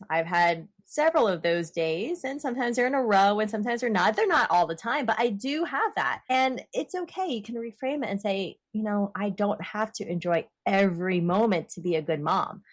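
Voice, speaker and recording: A woman shares stories on a casual podcast. Her pitch moves freely up and down as she talks, in an easy, conversational way. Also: animated, normal speed, few pauses. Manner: conversational storytelling. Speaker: podcast co-host. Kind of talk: casual chat.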